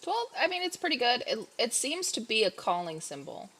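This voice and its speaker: A woman's voice: on the high side, very animated, brisk, a bit bright, husky. A woman narrating as game master in a casual, chatty way full of fillers.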